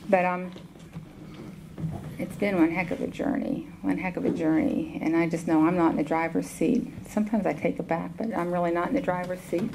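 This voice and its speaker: Halting Southern woman, noisy room recording. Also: fairly low pitch, steady tone, creaky. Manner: halting, many ums and restarts. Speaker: recovery meeting speaker. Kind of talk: personal testimony talk. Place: meeting hall.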